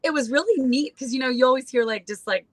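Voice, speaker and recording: A woman's voice: high voice, fast talker, no room sound. A woman in her forties telling a story as a guest in casual chat, full of fillers and acting out the voices of others. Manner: chatty, acts out quoted voices, many fillers.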